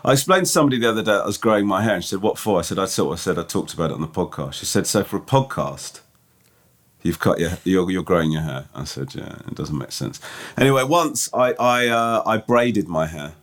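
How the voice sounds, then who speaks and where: A man co-hosting a podcast in casual chat, who reads listener emails aloud and tells self-mocking stories with halting restarts. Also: low-pitched, animated. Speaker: podcast co-host.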